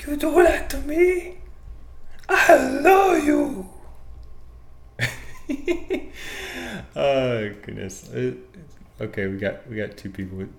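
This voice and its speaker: A male host talks through his analysis at an unhurried, measured pace. His voice sits a little low, and the room adds a noticeable echo. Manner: deliberate, analytical. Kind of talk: casual livestream fight analysis.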